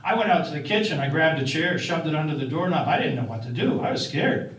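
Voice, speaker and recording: A man's voice: a little high, big pitch swings, fast, a bit bright. A man telling a first-person story in a conversational way, with fillers and restarts. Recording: roomy, distant-miked.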